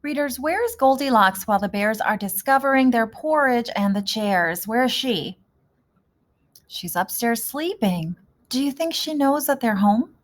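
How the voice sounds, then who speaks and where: Slow, gentle woman teacher asking questions. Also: on the high side, lively intonation. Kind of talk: reading lesson for young children.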